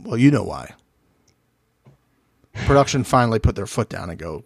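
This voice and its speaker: A man co-hosting a casual reality TV recap podcast, animated and profane, acting out the show's people in quoted voices. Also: lowish voice, moderate pace, vocal fry, pauses often, husky, no echo, clean studio sound. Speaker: podcast co-host.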